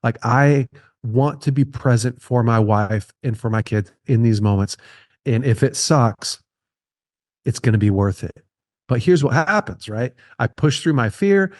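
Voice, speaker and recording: A man's voice: medium pitch, expressive, measured pace, a little mellow, dry recording, studio quality. A man in his thirties, a podcast guest speaking earnestly and repeating key phrases for emphasis. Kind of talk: conversational podcast interview.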